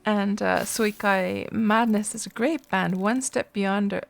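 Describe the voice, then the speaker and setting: A woman's voice: mid-range voice, fairly even intonation, takes it slowly, gravelly. A woman streaming a game live, chatting casually with viewers and reacting to the gameplay between replies, speaking into a desk microphone. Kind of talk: casual live-stream chat while playing.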